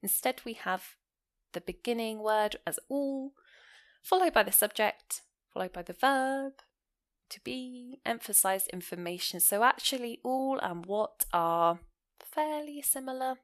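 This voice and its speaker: A woman's voice: a little high, unhurried. A woman teaching grammar. She explains each example patiently and leans on the important words. Her voice swings up and down to point out emphasis. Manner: explanatory, stressing key words with lively rises and falls. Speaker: English teacher. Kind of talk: grammar lesson.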